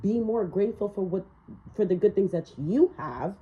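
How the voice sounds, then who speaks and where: A woman's voice: mid-range voice, lively intonation, normal speed, phone-quality sound. A woman giving a casual spiritual tarot reading in a blunt, ranting manner, swearing freely. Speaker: tarot reader.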